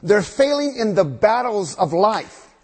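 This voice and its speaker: A man preaching a sermon, reading scripture aloud and then explaining it slowly with emphatic repetition. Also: high voice, big pitch swings, darkish tone, husky. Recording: long reverb of a large hall.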